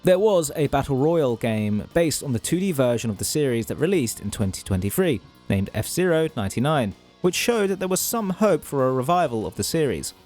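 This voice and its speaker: A man's voice: mid-range voice, big pitch swings, a little fast, few pauses, darkish tone, soft background music. A man from Europe hosting a scripted video essay, narrating with wry, self-deprecating asides.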